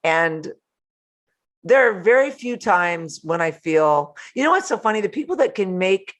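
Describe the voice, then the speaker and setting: An older woman hosting a live motivational talk from home, animated and playful, laughing often between remarks. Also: fairly low pitch, measured pace. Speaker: host.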